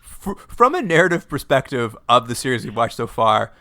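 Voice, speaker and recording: A man's voice: mid-range voice, sing-song, moderate pace, bright, forceful tone. A man hosting a podcast, recapping a show in casual, rambling chat with many restarts. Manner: rambling, lots of "like" and restarts, laughs often. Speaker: podcast host.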